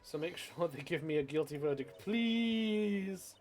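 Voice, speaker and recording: A man's voice: fairly high pitch, expressive, unhurried, darkish tone, soft background music. A man doing a frantic, pleading young man. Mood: desperate. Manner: pleading, insistent. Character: frantic young man eagerly confessing to a crime.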